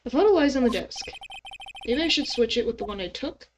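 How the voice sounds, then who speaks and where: A woman's voice: on the high side, lively intonation, brisk, a little hiss or hum, poor audio. A woman streamer playing a game and reading its dialogue aloud, with casual mumbled asides. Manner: casual, mumbled asides between read lines. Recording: music playing behind.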